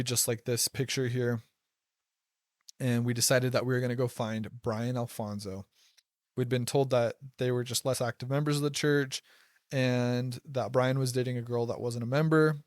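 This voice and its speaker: A man's voice: mid-range voice, dry recording, studio quality. A young man casually telling a personal story, rambling, with lots of "like" and restarts. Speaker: podcast host telling personal stories.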